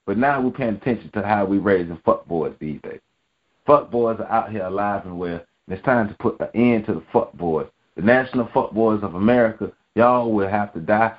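A man hosting a sports podcast, ranting angrily with constant profanity and repetition. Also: lowish voice. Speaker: podcast host. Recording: dull lo-fi podcast audio.

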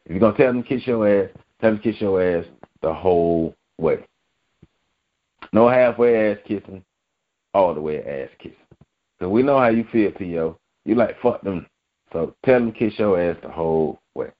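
A man with a low voice runs casual sports talk commentary, blunt and slangy, circling back to hammer each point. The audio is dull and lo-fi, like a home recording. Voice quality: blunt, slangy, repetitive emphasis.

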